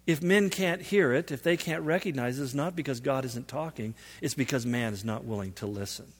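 A man's voice: mid-range voice, a little fast. A man giving a sermon as a pastor, telling stories in a conversational way and building up to emphatic peaks. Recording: long hall reverb.

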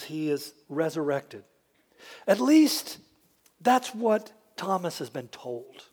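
A man preaching a sermon as a pastor, telling stories with dry humor and acting out the voices of people he quotes. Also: fairly high pitch. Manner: animated storyteller who acts out quoted voices with dry humor.

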